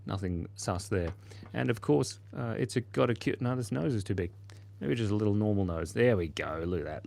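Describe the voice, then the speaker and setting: Male host, 40s, playful casual stream banter, mid-pitched voice. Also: expressive, normal speed, gravelly. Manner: playful and goofy, chatting to viewers. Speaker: livestream host. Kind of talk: casual livestream chat while drawing.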